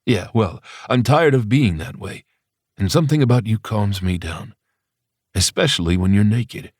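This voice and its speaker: A man's voice: lowish voice, normal speed, darkish tone, no echo, studio quality, lightly acted. A man voicing a tense, erratic grieving male teacher in an audiobook, clipped and testy. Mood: flustered.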